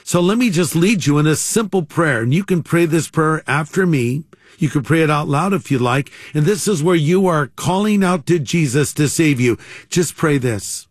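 Male pastor, earnest radio preaching, slightly high voice, dry studio sound. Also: animated, normal speed, no echo. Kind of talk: radio sermon, leading a prayer.

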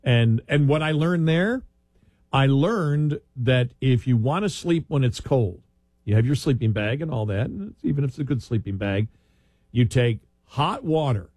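A man's voice: mid-range voice, lively intonation, normal speed, darkish tone, no echo. Man rambling through old camp stories. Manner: rambling anecdotal storytelling, laughs often. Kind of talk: casual chat.

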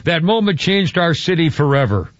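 A man hosts a talk radio show in a rambling, casual way, stumbling over his words and restarting sentences. His voice sits a bit high for a man. The broadcast sound is dry and a little dull. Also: very animated, moderate pace, no echo. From Georgia.

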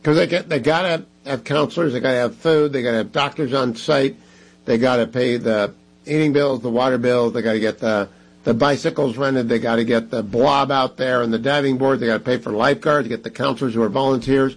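A man hosting a talk radio show, making brisk, emphatic appeals to listeners with chatty asides. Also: mid-range voice, fairly even intonation, poor audio. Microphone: studio microphone.

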